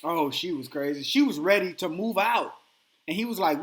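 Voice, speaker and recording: A man hosting a podcast, telling a story in casual chat and acting out the quotes with animated energy. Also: fairly high pitch, moderate pace. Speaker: podcast host.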